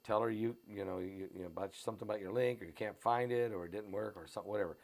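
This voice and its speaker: A man with an American Midwestern accent hosting a live stream, pushing tickets in a repetitive, urgent pitch full of fillers. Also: fairly even intonation, rapid-fire, darkish tone. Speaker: host of a prophecy channel. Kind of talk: live-stream promotion and commentary. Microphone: on camera.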